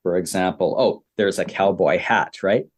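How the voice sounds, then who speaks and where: A Canadian man teaching beginner English, repeating simple phrases with many pauses. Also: deep voice. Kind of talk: slow, simple explaining for beginner learners.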